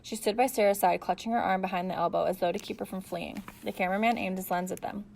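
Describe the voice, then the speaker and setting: A woman narrating a novel with steady storytelling. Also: mid-range voice, fast, gravelly, a little hiss or hum. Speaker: audiobook narrator. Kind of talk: audiobook narration.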